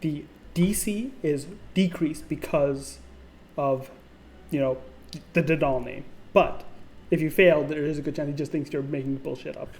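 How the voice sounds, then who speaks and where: A man's voice: a little high, measured pace, a little mellow. A man narrating a tabletop role-playing game as game master, casual and rambling, with lots of fillers.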